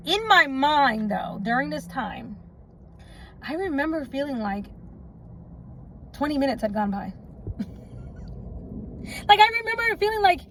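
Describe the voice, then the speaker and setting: A woman's voice: high voice, slight background noise, low-quality recording. A woman telling her own life story in a casual storytime vlog, chatty and rambling, often stopping for asides and laughs.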